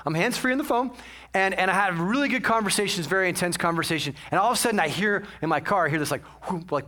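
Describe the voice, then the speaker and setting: A man's voice: high voice, quick pace, bright, forceful tone. A man preaching a sermon in a casual, chatty storytelling way, self-mocking and full of asides. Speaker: pastor.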